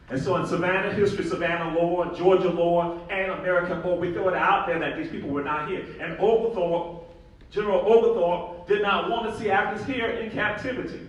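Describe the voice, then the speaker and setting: Addressing a conference audience, a man with a slightly high voice lectures emphatically and with animation, stressing and repeating his main points. He is recorded from far away in a large hall whose heavy echo surrounds each word.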